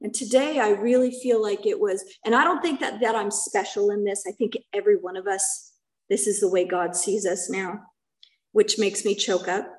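A woman's voice: medium pitch, fairly even intonation, moderate pace, rough recording. A middle-aged woman giving a personal testimony at a recovery meeting, earnest and conversational, often checking in with her listeners.

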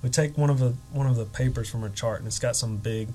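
A man telling a personal story as a guest on a podcast, animated, acting out the quotes with emotion. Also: mid-range voice, quick pace, poor audio.

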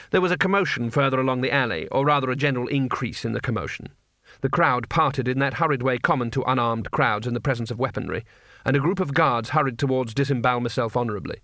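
A man narrating an audiobook in a measured, wry storytelling manner. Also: mid-range voice, sharp tone, dry recording, clean studio sound.

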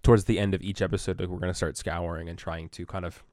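A man's voice: low voice, little pitch movement, fast, darkish tone, no echo, studio quality. A man co-hosting a casual podcast, speaking in a rambling way full of fillers and backing up his co-host. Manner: rambling, filler-heavy, supportive. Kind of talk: casual chat.

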